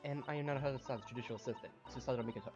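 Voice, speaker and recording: Woman reading a soft polite young assistant lady, quiet, game stream. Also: very deep voice, fairly even intonation, very fast, dull audio, music in the background, voice pushed down. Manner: soft and courteous. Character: gentle refined young female legal assistant.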